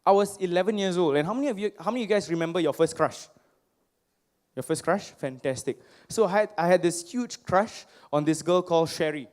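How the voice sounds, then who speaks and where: A young man speaks from a stage to a live crowd, his voice pitched high. He tells personal stories with animated, playful self-mockery and often asks the audience questions. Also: a little fast. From Singapore. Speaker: motivational speaker.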